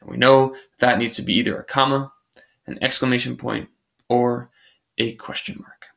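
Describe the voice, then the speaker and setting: A male teacher talks through a grammar lesson in a screencast, recorded on a computer microphone. His voice is bright and forward, set at an ordinary middle pitch. He explains patiently, restating each rule as he goes. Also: steady tone, normal speed, creaky. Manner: patient, explanatory, recapping rules step by step.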